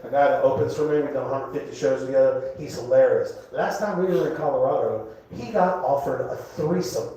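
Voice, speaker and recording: A man in his fifties doing a rambling stand-up set in a comedy club, now and then shouting a punchline. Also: mid-range voice, a little fast, few pauses. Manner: rambling, jokey, breaks into shouted bits. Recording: echoey club recorded from far off. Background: laughing crowd.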